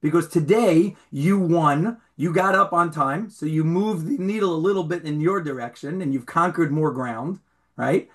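A man teaching a Torah class as rabbi, informal and animated, acting out stories and raising his voice for the punchlines. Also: fairly high pitch, moderate pace. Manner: animated storyteller, shouts when acting out scenes.

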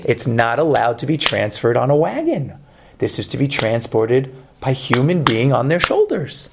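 A man with a Brooklyn accent teaching a Torah class, lively, joking and putting questions to his students. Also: medium pitch, normal speed, creaky, background noise.

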